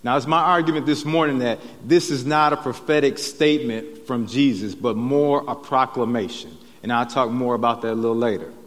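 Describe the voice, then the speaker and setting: A man's voice: mid-range voice, brisk, few pauses. Preacher man in a reverberant church hall. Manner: conversational preaching with frequent "right?" tags. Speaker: pastor. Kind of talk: sermon. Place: church sanctuary.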